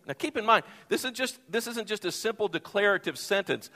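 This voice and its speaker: A man preaching a sermon from the pulpit, expressive, acting out the Bible quotes he tells. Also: high voice, a little fast. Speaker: pastor. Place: church sanctuary. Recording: long reverb of a church hall.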